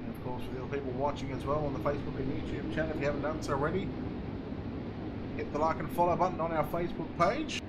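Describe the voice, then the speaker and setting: A man calling a live speedway race as play-by-play commentator, getting excited with the action. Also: fairly high pitch, fast, heavy background noise.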